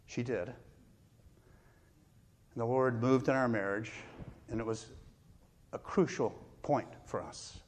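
A man's voice: mid-range voice, fairly even intonation. Middle-aged man preaching a sermon. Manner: storytelling, warm pauses, self-deprecating laughs. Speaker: pastor.

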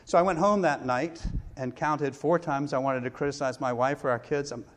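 A man's voice: medium pitch, steady tone. Middle-aged man preaching a sermon. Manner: storytelling, warm pauses, self-deprecating laughs. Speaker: pastor.

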